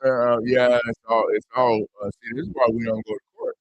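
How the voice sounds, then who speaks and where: A man's voice: mid-range voice, a little fast, no room sound, highs cut off. A man in a casual livestream chat, talking in a blunt, profane and defiant way. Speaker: host.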